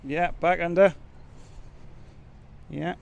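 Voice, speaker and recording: A man's voice: on the high side, fairly even intonation, very slow, gravelly, smooth, lo-fi sound. A man chatting casually as he loads his truck outdoors, rambling and joking at his own expense. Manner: chatty, rambling, self-mocking. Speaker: truck driver vlogger. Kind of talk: casual chat while working. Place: outdoors at a loading yard in rain.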